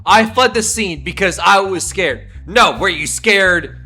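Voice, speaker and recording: Male streamer, bright voice, swings in pitch, excitable jokey play-by-play over faint guitar music. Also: measured pace, slightly rough. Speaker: gaming streamer. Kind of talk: let's-play commentary.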